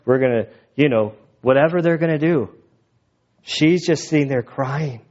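A man's voice: medium pitch, moderate pace, a little mellow. A man preaching a sermon in a casual, conversational way, retelling the text with asides. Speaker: pastor. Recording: dull lo-fi recording.

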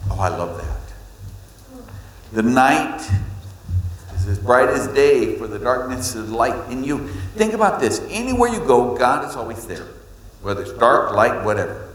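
A male preacher delivering a sermon, with a medium-pitched voice that climbs sharply when he drives a point home. He moves between scripture reading and storytelling. The sound is roomy, with a long reverb trailing behind each phrase. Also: moderate pace. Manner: animated storytelling, pitch leaps on emphasis. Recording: echoey hall with long reverb.

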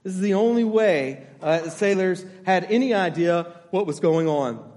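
Man, pastor, sermon, high voice, long hall reverb, emphatic repetition. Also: expressive, normal speed, a little mellow. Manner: emphatic, repeats key phrases, checks in with congregation.

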